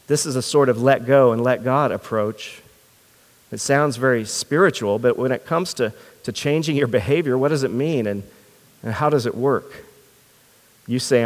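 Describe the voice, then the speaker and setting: A man's voice: mid-range voice, a little slow. Man preaching in a reverberant hall. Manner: earnest, rhetorical questions, repeats words while thinking. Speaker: pastor. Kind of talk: sermon.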